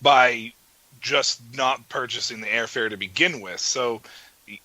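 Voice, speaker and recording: Brief: male talk-radio host, crisp bright tone, direct, dry studio sound. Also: medium pitch, unhurried, no room sound, rough recording.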